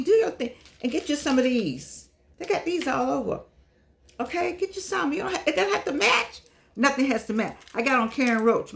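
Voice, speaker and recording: Chatty older woman, slightly high voice. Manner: lively, chatty, affectionate, wandering asides. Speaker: vlogger. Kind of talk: casual chat to viewers.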